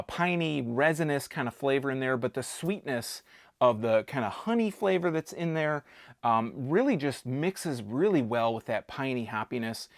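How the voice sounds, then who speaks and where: A man talking through a beer tasting in a relaxed, rambling way, cracking small jokes as he goes. His voice has a gravelly edge and sits at a middle pitch, recorded close and dry with no room sound. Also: no room sound. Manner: chatty, jokey, rambling with restarts. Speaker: beer reviewer. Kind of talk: casual beer tasting vlog.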